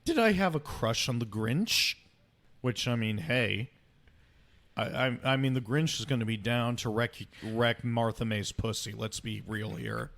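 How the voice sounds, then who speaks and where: A man's voice: medium pitch, measured pace, fairly bright tone. A man on a movie podcast panel, chatting casually and throwing in crude jokes. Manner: crude, joking asides. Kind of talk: casual movie-review chat.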